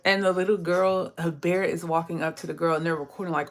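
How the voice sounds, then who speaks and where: A woman's voice: lowish voice, steady tone, a little fast. A woman giving a casual tarot reading who talks straight to her viewers, chats freely and laughs often. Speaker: tarot reader.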